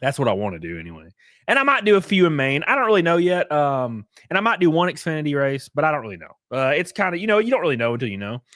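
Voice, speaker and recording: Lively young guy, high voice, profane rambling stream chat. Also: fast talker, dry recording, studio quality. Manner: animated, rambling, profane, jokey. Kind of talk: casual livestream chat.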